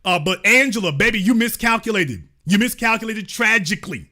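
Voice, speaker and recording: Man, middle-aged, high voice, sharp bright tone, sarcastic host, theatrical mocking questions. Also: very animated, fairly quick. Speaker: online show host. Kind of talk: sarcastic political commentary.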